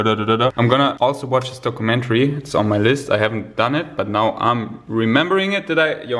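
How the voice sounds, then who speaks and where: A young man vlogging casually to a handheld camera in a room, rambling and excitable with big jumps in his voice. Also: mid-range voice. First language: German. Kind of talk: casual vlog talk to camera. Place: indoor room with a window. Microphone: handheld camera at arm's length. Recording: echoey room with faint music.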